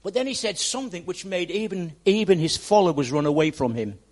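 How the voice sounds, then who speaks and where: A pastor preaching a sermon in a church, speaking straight to the congregation and repeating words for emphasis. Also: male voice, high voice, lively intonation, a little fast, darkish tone.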